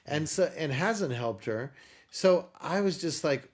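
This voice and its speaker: On a podcast, a guest with a man's voice on the high side works through a long personal story at a measured pace. Animated throughout, he plays out the exchanges between people as dialogue.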